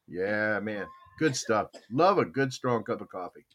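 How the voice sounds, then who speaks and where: An older American man with a lowish voice hosts a podcast, speaking at a measured pace. He tells stories in a casual, rambling chat, animated and acting out the dialogue himself.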